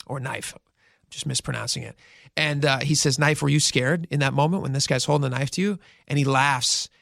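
A man's voice: mid-range voice, fairly quick, creaky, no echo, clean studio sound. A radio show host telling a news story in casual talk, acting out the quotes as he goes. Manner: animated storyteller, acts out quotes.

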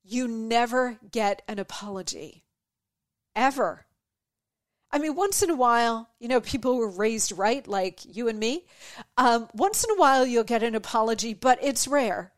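High-pitched lady podcaster venting, mimics people, dry close sound. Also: expressive, moderate pace, no echo. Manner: exasperated ranting with mocking quoted voices. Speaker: podcast host. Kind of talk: opinion monologue.

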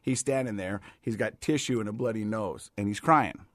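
A man's voice: on the low side, moderate pace, dry recording, studio quality. Middle-aged man telling stories on a podcast. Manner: storytelling, warm-hearted, says "you know" a lot. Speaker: podcast co-host. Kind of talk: casual chat.

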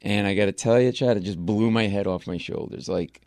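A man from Rhode Island, a comedian telling stories as a guest in an interview, lively and slipping into voices for the people he quotes. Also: fairly low pitch, fairly quick, no room sound, clean studio sound. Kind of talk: storytelling interview chat.

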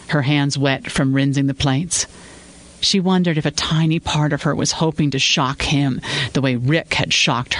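A man reading scripted fiction narration in an even, measured way. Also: medium pitch, rough recording.

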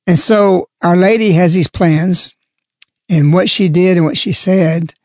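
In a dry, studio-quality recording, a man with a high but darkish voice speaks at a measured pace. He's a lay religious speaker offering a reflection, emphasizing and repeating key words while explaining.

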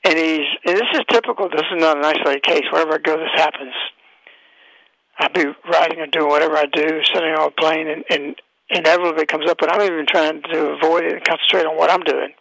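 A man's voice: a little high, fairly even intonation, fast talker, vocal fry, bright, forceful tone, no room sound, low-quality recording. A man hosting a radio talk show, delivering an emphatic, preachy monologue full of rhetorical questions.

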